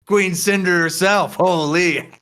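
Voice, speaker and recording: A man's voice: high voice, slow, a bit bright, pitched above the performer's own voice. A man voicing a smarmy, leering drunk male patron in a tabletop game.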